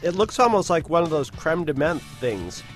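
A man's voice: fairly high pitch, big pitch swings, normal speed, faint music behind. A man co-hosting a podcast, chatting casually in a joking, laid-back way with frequent restarts. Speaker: podcast co-host.

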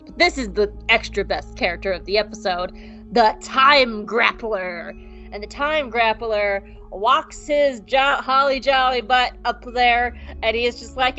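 A woman co-hosting a podcast, recapping an episode in a casual, animated and profane way. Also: fairly high pitch, highs cut off. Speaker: podcast co-host.

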